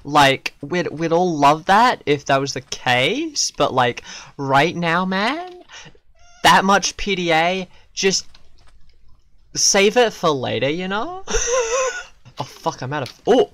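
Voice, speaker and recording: A man streaming a video game, giving casual commentary that swings from loud, profane yelps to quiet muttering. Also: on the high side, big pitch swings, slow, no echo.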